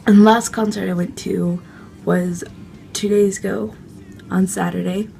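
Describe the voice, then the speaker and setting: A young woman vlogger excitedly telling a casual story, gushing and full of fillers. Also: medium pitch, measured pace, creaky, soft background music.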